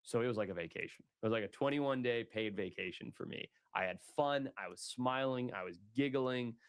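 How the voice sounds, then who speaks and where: A man being interviewed, telling a story in a casual, animated way, full of slang and acted-out quotes. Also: mid-range voice, fairly quick, clean tone, no echo. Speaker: guest telling his story.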